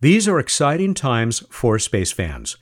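A man hosting a science radio interview, chatty and lively, with jokey asides. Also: medium pitch, a little slow. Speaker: podcast host.

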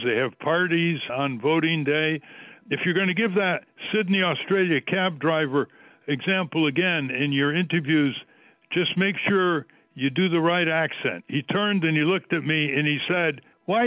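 A man hosting a radio interview, brisk and lively, heard over a phone line. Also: a little high, no room sound. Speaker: radio host.

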